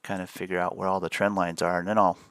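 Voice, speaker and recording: A middle-aged man talks through his day trades in a relaxed live stream, musing aloud over the charts. His voice sits low and has a gravelly edge with a crisp, bright tone. The sound is dry and close. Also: quick pace, no echo. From United States. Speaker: day trading stream host. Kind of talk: casual live-stream commentary.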